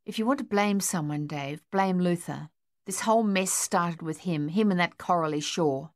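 A woman voicing a worried mother who pleads with her son in a hushed voice. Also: lowish voice, moderate pace, no echo, clean studio sound, natural voice. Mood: pleading.

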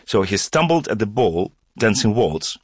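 A man's voice: on the low side, normal speed, husky, no room sound, clean studio sound. A man, speaking ironically and with animation in an interview clip. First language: Russian. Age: 40s. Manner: animated, ironic, pace jumps around. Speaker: comedian and former journalist.

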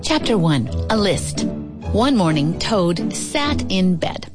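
A woman narrating a children's storybook in a slow, deliberate, expressive read-aloud. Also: lowish voice, music in the background.

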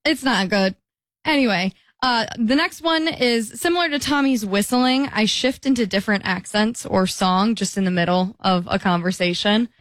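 A young woman talks through her own quirks on a casual podcast, chatty and quick to laugh at herself. Her voice sits in a plain middle range, recorded close and dry. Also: medium pitch, fairly bright tone, no room sound. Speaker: co-host.

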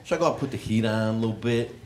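A man's voice: fairly low pitch, very fast. A man doing stand-up comedy in a club, bantering with the crowd and laughing through his lines. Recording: live club with loud crowd and noise.

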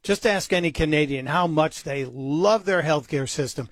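A man with a fairly high voice holds forth as a talk radio host, his commentary sarcastic and mocking. The recording is dry, close on the mic. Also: moderate pace, dry recording. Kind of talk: opinion talk radio monologue.

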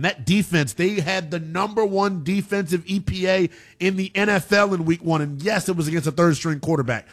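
A man hosting a sports talk radio show, energetic and analytical. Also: a little high. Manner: energetic, analytical, pushes callers to speak boldly.

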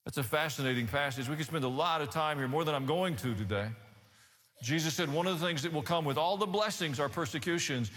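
A man preaching in a somewhat high, forceful voice that rings out with a long hall reverb. He tells the story with animated emphasis and rhetorical asides, and he sounds like a preacher working through a passage in a sermon. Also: fast.

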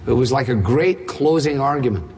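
A man's voice: medium pitch, expressive, moderate pace, darkish tone, a little hiss or hum. A man preaching a sermon, firing rhetorical questions with wry asides and dramatic emphasis. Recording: long hall reverb.

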